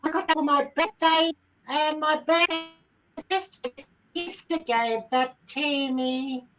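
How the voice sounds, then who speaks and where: A woman's voice: high voice, steady tone, slow, fairly bright tone, far from the mic, faint music behind, poor audio. P P Fowl, a woman doing a giddy hen. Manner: rambling, giddy, full of ums. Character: excitable chatty female hen. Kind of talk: comic character monologue.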